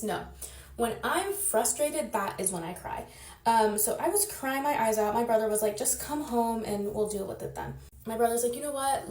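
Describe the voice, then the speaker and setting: A woman's voice: on the high side, a little mellow. Chatty young woman, echoey room. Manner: chatty, rambling, exasperated storytelling. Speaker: content creator. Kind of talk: storytime vlog while doing nails.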